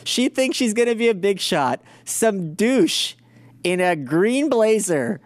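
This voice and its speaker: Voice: mid-range voice, expressive, takes it slowly, dry recording. A podcast host giving profane, sarcastic commentary on video clips and mocking the people in them. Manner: sarcastic, mocking, swears a lot; mimics others in put-on voices.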